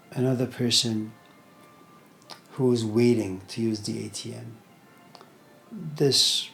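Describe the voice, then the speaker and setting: A man's voice: mid-range voice, a bit bright. A middle-aged man giving an informal lecture, retelling a story in a conversational way with many fillers.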